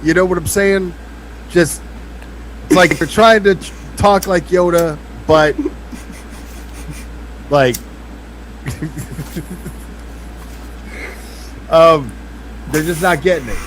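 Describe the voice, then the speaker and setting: A man's voice: fairly high pitch, very slow, long pauses, a little hiss or hum, poor audio. A man in a played clip giving casual commentary, amused and hesitant, breaking into laughs.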